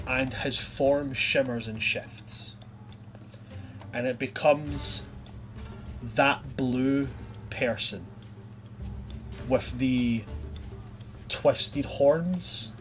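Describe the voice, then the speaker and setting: A man's voice: mid-range voice, steady tone, very slow, long pauses, fairly bright tone, soft background music. A man narrating a tabletop game as game master, chatty and loose. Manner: chatty, loose, many fillers.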